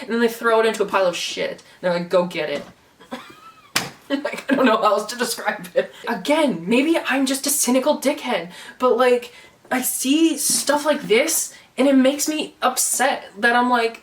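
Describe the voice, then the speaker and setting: A woman's voice: mid-range voice, far from the mic. A young woman vlogging a book review, sarcastic and swearing, laughing between complaints and mocking what she reads. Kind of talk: casual vlog rant.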